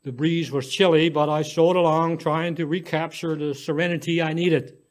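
Guy reading a short story out loud, kinda high voice, calm and gentle, a few little slips. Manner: gentle, unhurried reading with small slips and restarts. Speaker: story reader.

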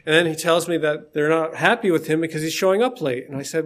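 A man's voice: fairly high pitch, fast, hardly any pauses, a bit bright. A man preaching an informal sermon in a conversational, emphatic way.

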